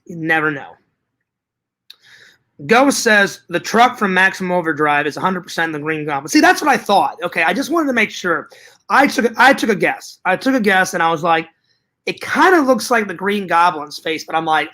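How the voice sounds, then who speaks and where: High, bright-voiced man rambling on a stream. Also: animated, normal speed. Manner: rambling, repeats words and phrases, swears freely. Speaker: livestream host reading chat. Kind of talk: casual chat.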